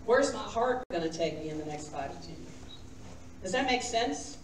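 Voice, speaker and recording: A woman's voice: mid-range voice, lively intonation, normal speed, a little hiss or hum. A woman minister giving a sermon, coaxing the congregation to repeat lines after her. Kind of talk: sermon with call and response. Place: church sanctuary. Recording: roomy church sound from a distant mic.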